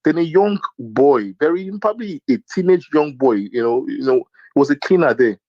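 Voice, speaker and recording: A man from Nigeria tells a personal story in relaxed conversation, leaning on "you know" and acting out the voices of the people in it. The sound is dull and lo-fi, with a dry, close feel. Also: a little high, moderate pace, no room sound. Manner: animated anecdote-telling with many fillers and acted quotes. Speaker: podcast co-host. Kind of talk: casual storytelling chat.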